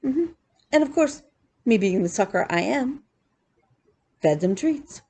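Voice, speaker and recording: A woman vlogging about her cross-stitch hobby, telling animated, chatty stories with laughs. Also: a little high, a little slow, husky. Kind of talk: casual chat.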